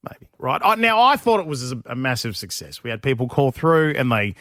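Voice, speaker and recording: A man hosting a radio show, excitable and laughing as he tells the news of the day. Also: mid-range voice, fairly quick, no echo, clean studio sound. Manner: excitable, laughing, animated storytelling. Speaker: radio host. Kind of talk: breakfast radio chat.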